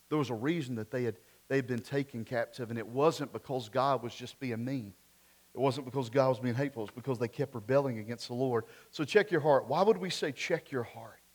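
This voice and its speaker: A man preaching a sermon, switching between loud emphatic lines and quiet asides, and putting rhetorical questions to the congregation. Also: medium pitch. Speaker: pastor.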